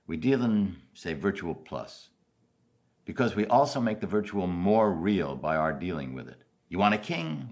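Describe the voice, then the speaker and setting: An older man from New York City giving a commencement speech as an animated storyteller, swinging from loud highs to soft asides. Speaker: commencement speaker.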